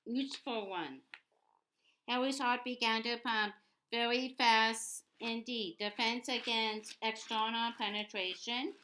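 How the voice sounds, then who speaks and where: A woman reading a novel aloud, halting often and repeating words, in a noisy home recording. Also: on the high side, little pitch movement, sharp tone. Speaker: audiobook reader.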